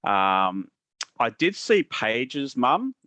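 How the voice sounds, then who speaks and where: Australian male host, casual chat, forceful bright tone, dry close sound. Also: medium pitch, big pitch swings, extremely slow, no echo. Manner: reads out listener questions and answers at length. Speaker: podcast host.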